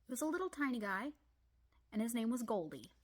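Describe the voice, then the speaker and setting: A woman with an Ozarks accent telling comic personal stories, animated with deadpan asides. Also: fairly high pitch, brisk. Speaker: storyteller. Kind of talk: comedic personal storytelling.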